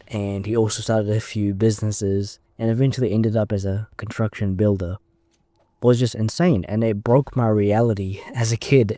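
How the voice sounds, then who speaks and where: A man's voice: lowish voice, dark tone, dry recording. A man in his twenties talking off the cuff in a casual, rambling monologue, recorded inside his car. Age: 20s. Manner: unscripted, rambling, thinking aloud. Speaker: YouTuber.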